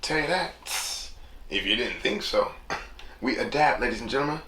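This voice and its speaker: A man hosts a solo podcast in a loose, rambling way, acting out other people's lines as he goes. his voice sits at an ordinary pitch. the room is echoey, with steady noise in the background. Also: normal speed. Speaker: podcast host. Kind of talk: casual solo podcast monologue.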